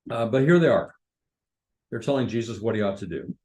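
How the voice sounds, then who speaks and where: A man's voice: fairly low pitch, expressive, a little fast, a little mellow, poor audio. A man leading a Bible study in a church, teaching conversationally and asking the group questions. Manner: informal, with fillers and restarts, asks the group questions.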